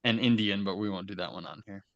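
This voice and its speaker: A man's voice: on the low side, fast talker, gravelly, fairly bright tone, dry recording, dull audio. A young man co-hosting a podcast, teasing and bantering in casual chat. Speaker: podcast co-host.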